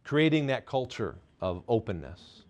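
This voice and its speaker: A man presenting a parenting and faith talk to a live studio audience. He is candid and self-deprecating with light humor, and his delivery swings between loud, high emphasis and soft, low asides. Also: sing-song, a little slow.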